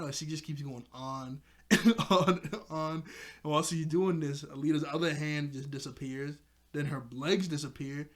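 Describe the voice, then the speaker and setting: A man casually recapping a cartoon episode for his review channel, chuckling often and getting excited as he retells it. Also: a little high, moderate pace.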